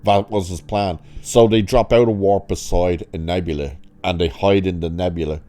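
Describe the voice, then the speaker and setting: A man giving a sarcastic, exasperated review of a TV episode, swearing freely and swinging his pitch up sharply when he mocks it. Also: steady tone, moderate pace, dark tone. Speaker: show reviewer.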